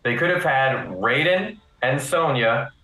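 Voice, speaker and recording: Relaxed man on an echoey call. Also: mid-range voice, unhurried. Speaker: guest YouTuber. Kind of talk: casual panel chat.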